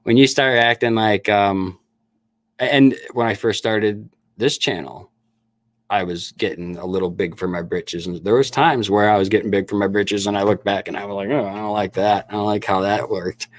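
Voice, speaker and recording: Snake-breeder livestream host, middle-aged man, low-pitched voice, stammery and chatty, dry home recording. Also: fairly even intonation, normal speed, no echo. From Upper Peninsula of Michigan. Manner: laughing, chatty, stammering restarts. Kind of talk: casual livestream chat with viewers.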